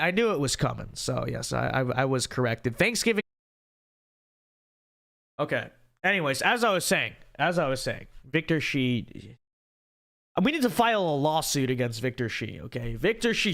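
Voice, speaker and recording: A man's voice: on the high side, a bit bright. A young man hosting a casual livestream, reading out super chats and joking around, his voice strained and worn from a long stream. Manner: rambling, joking asides. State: strained, failing voice. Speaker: livestream host.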